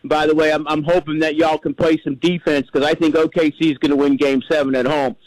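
Older new guy calling in, rambling and repeating himself, kinda high voice, dry phone sound. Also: level tone, brisk, no echo, poor audio. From New York. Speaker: caller. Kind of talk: phone-in caller story.

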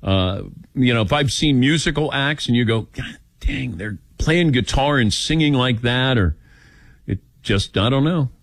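An older man hosting a call-in radio show, taking callers and telling personal stories with lively acted-out quotes. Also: medium pitch, normal speed, no room sound. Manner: animated storytelling, acts out quotes. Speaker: radio talk show host.

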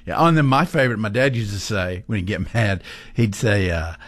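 A man's voice: lowish voice, lively intonation, fairly quick, no room sound. A man co-hosting a talk radio show, joking and reminiscing in casual banter. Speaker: radio co-host.

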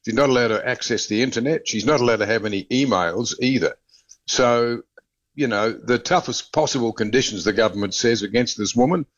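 A man reporting as a radio correspondent, brisk and opinionated in a conversational way. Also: medium pitch. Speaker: Australia correspondent. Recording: dull lo-fi line.

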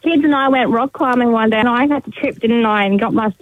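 A woman calmly telling a story on a radio show, matter-of-fact. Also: a little high, a little fast, dry recording, narrow, tinny audio. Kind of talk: casual radio chat.

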